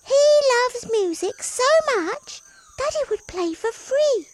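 A woman voicing a small, chatty, eager mouse in a storybook reading, with a squeaky, drawn-out voice. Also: lively intonation, very noisy, full character voice.

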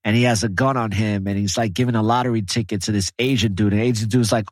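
Husky, profane man telling a story. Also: fairly low pitch, fast talker, no room sound, clean studio sound. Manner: animated storyteller, profane and emphatic. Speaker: podcaster. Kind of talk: casual podcast conversation.

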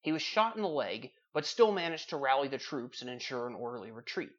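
A man's voice: medium pitch, brisk, dull audio. A man hosting a trivia podcast, chatting casually and reading out questions and facts in a dry way.

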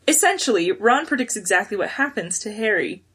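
A woman co-hosting a podcast, chatting casually and reading listener comments aloud, quick and excitable. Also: mid-range voice, breathy edge. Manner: quick, excitable, laughs often. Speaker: podcast co-host.

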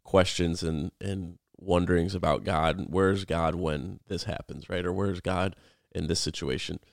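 A man in his thirties co-hosting a podcast, explaining a Bible book in a relaxed, rambling way. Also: low voice, a little slow, creaky, dry recording, studio quality. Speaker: podcast co-host. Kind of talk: casual Bible study chat.

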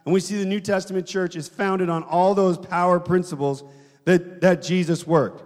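A man's voice: high voice, fairly even intonation, normal speed, a little mellow, in a large hall. A man preaching a sermon in a conversational way, often asking the congregation questions.

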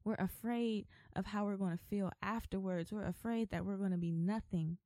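A woman's voice: mid-range voice, steady tone, normal speed, warm tone, dry recording. A woman hosting a faith podcast, talking emphatically and with repetition, like an exhortation. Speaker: podcast host.

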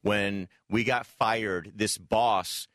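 A man's voice: lowish voice, steady tone, drawn-out words, a bit bright, no echo, studio quality. A man hosting a radio talk show, telling stories animatedly and acting out the voices of the people in them. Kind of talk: casual radio storytelling.

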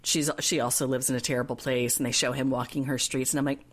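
A low-pitched woman chatting as a podcast co-host. She retells scenes in an animated way and quotes people in put-on voices. The talk is loose, casual and quick to joke. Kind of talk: casual chat recapping a reality show.

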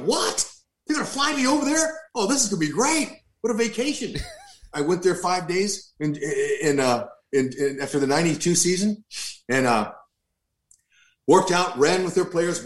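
A former baseball player in his fifties tells a long story in an animated, laughing way, throwing in asides. His voice sits a little high for a man. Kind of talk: storytelling interview.

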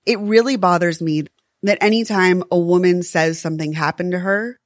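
A woman's voice: lowish voice, fairly even intonation, normal speed, dry recording, clean studio sound. A woman co-hosting a true crime podcast, talking earnestly and emphatically and swearing when worked up. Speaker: podcast co-host.

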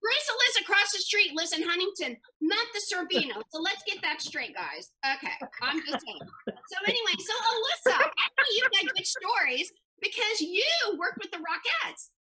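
A woman's voice: very high voice, sing-song, moderate pace, sharp tone, rough recording. A woman from Kentucky hosting a podcast, brashly teasing her guests and talking over them. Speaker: podcast host. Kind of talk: rowdy podcast banter.

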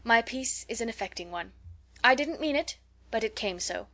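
A woman reading an audiobook, voicing a lively, bossy schoolgirl who talks emphatically and with mock grandeur. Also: a little high, moderate pace. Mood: mock-solemn. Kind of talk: audiobook character voice.

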